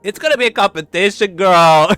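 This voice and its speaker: A man streaming in a casual chat, animated and giggly, breaking into sound effects. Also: high-pitched, a little fast, soft background music.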